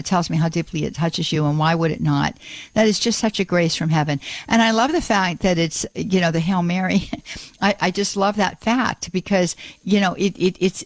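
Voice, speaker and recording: A woman's voice: on the low side, no room sound. A woman hosting a religious call-in radio show, gushing and repeating words of praise. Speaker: radio host.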